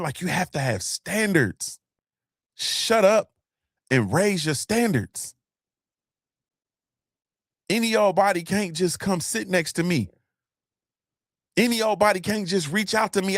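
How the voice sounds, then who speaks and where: A man's voice: high voice, a bit bright, no echo, clean studio sound. A man hosting a motivational live-stream talk, emphatic and blunt, repeating his points and cussing freely. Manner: emphatic, repetitive, blunt and profane. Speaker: host.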